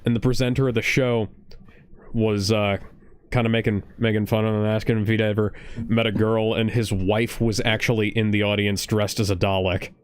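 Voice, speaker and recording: A man's voice: lowish voice, little pitch movement, clear, resonant tone, no room sound. A man co-hosting a watch-along show, riffing casually with crude jokes and asides. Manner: joking, crude, quick asides. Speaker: podcast co-host.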